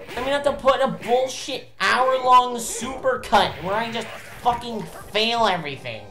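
A woman's voice: sits high, lively intonation, a little slow, hardly any pauses, bright, forceful tone. Exasperated swearing woman gamer, roomy sound. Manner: exasperated ranting, frequent swearing. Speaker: let's play host. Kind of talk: gameplay commentary. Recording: roomy echo with game music behind. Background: game music.

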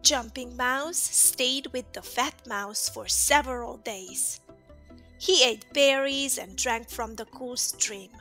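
A woman reading a bedtime story aloud in a calm, soothing way. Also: on the high side, slow pace, faint music behind.

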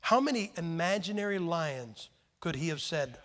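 An American man preaching a sermon, telling stories with lively emphasis and sudden swings between loud and quiet. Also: on the high side, moderate pace. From United States. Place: church hall with a crowd. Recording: long reverb from a large hall.

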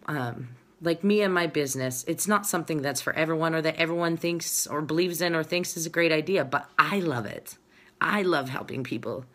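Chatty low-voiced woman vlogger. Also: a bit bright. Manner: chatty, rambling, reads viewer comments aloud. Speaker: fitness coach and vlogger. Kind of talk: casual chat to followers, live-streamed.

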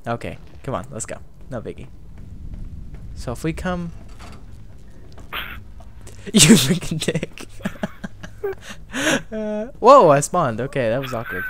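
A man's voice: a little high, wildly swooping pitch, measured pace, pauses often, a little hiss or hum. Panicky young man gaming on headset. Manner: panicky, shrieking in fear and nervous laughter. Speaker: gamer playing co-op. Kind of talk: gaming commentary.

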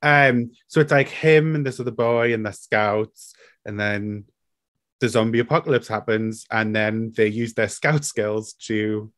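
A podcast co-host talks in hesitant, halting casual chat and often stops to search for names. The sound is dry and close, at a middle pitch. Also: a bit bright, dry recording.

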